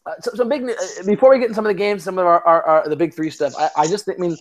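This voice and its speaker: A fairly high-voiced young man in loose podcast chat, swearing freely and tripping over his own restarts. His talk is full of fillers as he rambles from point to point. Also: steady tone, very fast. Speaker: podcast co-host. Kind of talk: casual sports chat.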